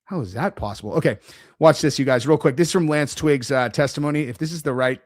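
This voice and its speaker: A man live-streaming commentary in a rambling, animated, sarcastic way. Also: fairly high pitch, fast, no room sound, clean studio sound.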